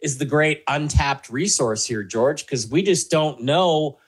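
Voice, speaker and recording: A man's voice: fairly high pitch, a little slow, slightly rough. A man as a talk show guest, answering questions earnestly in a rambling way, with many fillers and restarts. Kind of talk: conversational interview answers.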